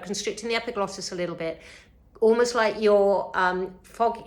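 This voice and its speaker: Teaching yoga breathing, a woman with a mid-range voice talks softly and without hurry. Her speech is sprinkled with fillers, and her throat sounds a bit sore.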